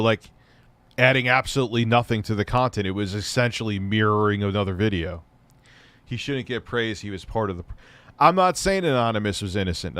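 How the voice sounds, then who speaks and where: A man with a lowish voice hosts a live stream. He is blunt and crude, and he swears freely. The sound is dry and close. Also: fairly bright tone, dry recording. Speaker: streamer host.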